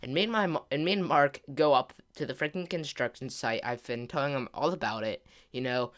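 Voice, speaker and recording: A male gaming host tells a casual storytime over gameplay in a smooth, clear voice at a middle pitch. His telling rambles, thick with filler words and mild slang. He grows louder and more worked up as the tale goes on. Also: a little fast.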